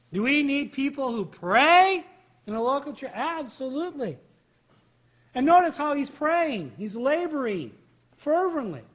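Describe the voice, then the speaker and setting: A male pastor delivers a sermon in a notably high-pitched voice. He leans hard on key words and keeps pressing the listeners with rhetorical questions. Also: fairly bright tone. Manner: emphatic preaching with rhetorical questions.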